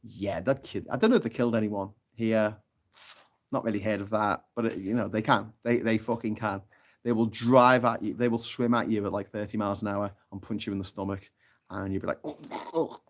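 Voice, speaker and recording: A man's voice: on the low side, steady tone, fairly quick. A man hosting a casual live stream from a tropical island, reading out chat comments and telling sweary jokes. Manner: chatty and sweary, telling jokes with lots of laughter. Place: off-grid tropical island, from a hammock.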